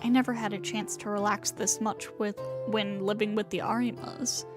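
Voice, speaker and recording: A woman streamer reading a visual novel aloud in a dramatic, hushed way, sometimes sinking into whispers. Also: mid-range voice, flat delivery, over music. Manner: slow and hushed, sinking into whispers in tense passages.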